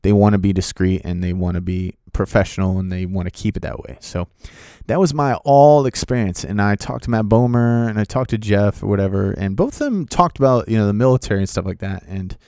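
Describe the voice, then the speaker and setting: Low-voiced man telling a casual story. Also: a little fast, clean tone, dry recording, clean studio sound. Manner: animated, acts out other people's voices in quotes; loose, filler-heavy delivery with restarts. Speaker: storyteller recounting his own experiences. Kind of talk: casual spoken anecdote.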